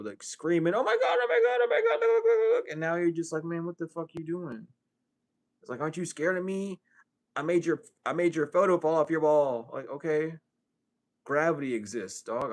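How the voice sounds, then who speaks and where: Brief: streetwise man, casual profane spiritual rant, slightly high voice. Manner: swings from low mutter to high exclaims. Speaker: spiritual reader.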